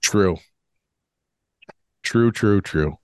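Low-voiced man telling a lively story. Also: extremely slow, no echo, studio quality. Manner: animated storyteller, acts out both sides of arguments. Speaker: podcast co-host. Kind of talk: casual chat.

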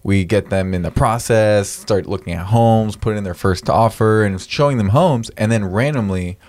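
A man chatting casually as a podcast guest, telling animated stories and acting out quoted lines. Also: on the low side, normal speed. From San Diego area. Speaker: podcast guest, real estate agent. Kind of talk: casual chat.

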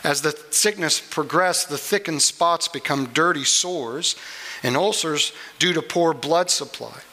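A man preaching a sermon, earnest and unhurried, with small restarts as he explains a Bible passage. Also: a little high, sharp tone, poor audio. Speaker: pastor.

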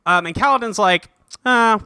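A man's voice: high-pitched, animated, normal speed, bright, forceful tone, dry recording. A man co-hosting a podcast, retelling a book's plot in casual chat and tossing in crude, jokey voices for the characters. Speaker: podcast co-host. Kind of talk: casual book-club recap.

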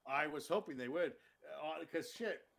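A man co-hosting a casual movie podcast, animated and acting out scenes in mocking quotes. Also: on the high side, moderate pace. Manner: animated, acts out lines in loud mocking quotes. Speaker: podcast co-host. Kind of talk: casual movie review chat.

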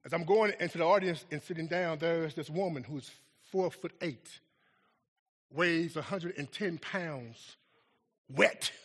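A man, a pastor preaching a sermon and telling a story, swinging from booming shouts down to hushed, near-whispered lines. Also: unhurried, in a large hall.

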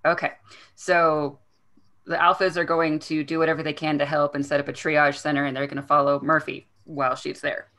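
A woman co-hosting a podcast, casually summarizing a book's plot with quick self-deprecating asides. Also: deep voice, little pitch movement, a bit bright. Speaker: podcast co-host recapping a book. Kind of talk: casual chat.

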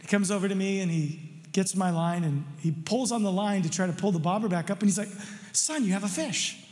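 A middle-aged male pastor preaching a sermon, telling a childhood story in a playful, animated way with jokes for the congregation. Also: sits high, fast, long reverb tail. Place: church sanctuary.

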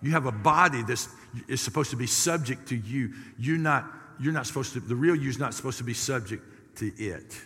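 Preacher man, middle-aged, bright and forceful, folksy with big loud swells, long church-hall reverb. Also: mid-range voice, moderate pace. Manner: lively preaching with sudden loud rises and folksy asides. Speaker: pastor. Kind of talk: sermon.

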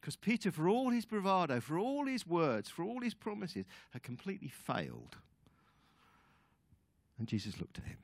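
A man as guest speaker giving a sermon, telling the story in an animated way with chatty asides to the audience. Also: sits high, normal speed, gravelly, no room sound.

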